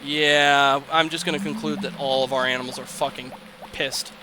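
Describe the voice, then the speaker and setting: Over background noise, a young let's play host narrates a farming game in a medium-pitched, fairly even voice at normal speed. His talk is rambling and profane, breaking now and then into exasperated shouts and laughs.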